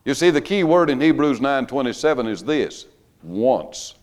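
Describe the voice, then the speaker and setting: Older preacher, folksy revival sermon with humor, mid-pitched, rising to emphatic preaching. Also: male voice, very animated, moderate pace. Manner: folksy, joking, building to loud emphatic preaching. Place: church sanctuary.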